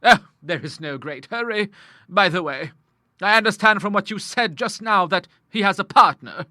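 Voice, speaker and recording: A man voicing a stern, grim older woman in an audiobook, speaking with forceful scorn. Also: sits high, expressive, moderate pace, dry recording, studio quality, pitched above the performer's own voice, full character voice. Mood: brisk. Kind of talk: audiobook character voice.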